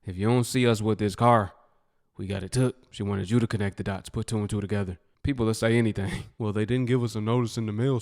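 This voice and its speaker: A man's voice: lowish voice, steady tone, fast talker, a little mellow. A man commenting bluntly and mockingly on viral clips in a casual, laid-back way.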